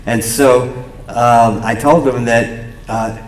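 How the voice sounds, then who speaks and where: An older man with a New York accent telling a halting anecdote from a theater stage, full of fillers and restarts. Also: medium pitch, steady tone. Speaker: memorial speaker. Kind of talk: storytelling anecdote at a memorial. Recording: roomy theater sound with faint ambience.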